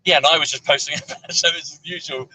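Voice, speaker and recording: A man's voice: fairly high pitch, steady tone, fast talker, sharp tone, a little hiss or hum, rough recording. A man chatting casually in a moving car, rambling through numbers with plenty of fillers. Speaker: numerology guest. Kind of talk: casual chat on a road trip. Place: inside a moving car on a road trip.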